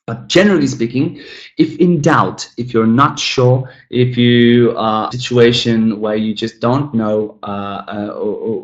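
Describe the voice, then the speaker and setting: Man, English teacher, slow deliberate delivery, lots of uh and um, classroom lesson. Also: medium pitch. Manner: slow, deliberate, frequent fillers, addresses listeners as guys. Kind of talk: classroom lesson on word stress.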